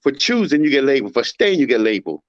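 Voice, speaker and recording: A man's voice: medium pitch, big pitch swings, fast talker, no room sound. Man, opinionated casual talk, emphatic, muffled lo-fi sound. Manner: emphatic, rhetorical, mimics others in raised voice. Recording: dull muffled audio.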